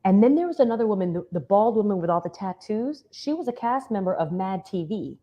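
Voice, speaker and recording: A woman from Miami co-hosting a casual talk show, chatty and animated as she tells a story. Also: medium pitch, brisk, lo-fi sound.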